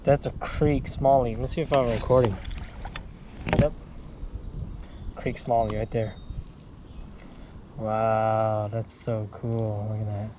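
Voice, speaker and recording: A young man filming his fishing trip on a creek, talking casually and excitedly, repeating his exclamations and calling his friends bro and dude. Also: medium pitch, a little slow, pauses often. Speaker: fishing vlogger. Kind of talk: casual outdoor fishing commentary. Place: outdoors on a creek. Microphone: action camera. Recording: outdoor camera audio with loud water noise.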